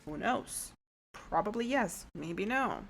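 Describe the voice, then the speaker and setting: A woman's voice: mid-range voice, expressive, slow, vocal fry, a little hiss or hum. A woman, a native Russian speaker, talking in English as a guest on a casual podcast, earnest and sometimes searching for words.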